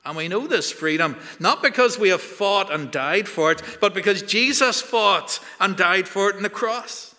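A man's voice: high-pitched, pushed and bright, in a large hall. A man preaching a sermon, earnest and building to emphatic peaks.

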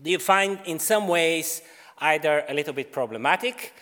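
A man's voice: fairly high pitch, lively intonation, normal speed, bright, forceful tone, long reverb tail. A man preaching a sermon in a church, speaking hesitantly with many fillers.

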